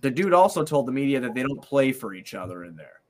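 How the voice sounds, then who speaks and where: A man's voice: medium pitch, very animated, fast, background noise. A man hosting a casual sports talk show, his voice sitting in an ordinary middle range. He sounds frustrated, swears freely and keeps circling back to the same point. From Italian heritage. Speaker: sports podcast host.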